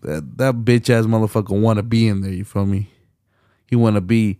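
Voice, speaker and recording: A man's voice: lowish voice, normal speed, warm tone, dry recording, studio quality. A young man hosting a solo podcast late at night, ranting bluntly with heavy profanity and slang. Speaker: podcast host.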